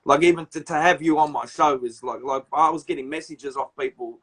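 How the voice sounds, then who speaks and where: A man in his forties with an Australian accent, hosting a casual chat, rambling excitedly and swearing a lot. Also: a little high, fairly quick, breathy edge. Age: 40s. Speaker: show host. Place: remote video call.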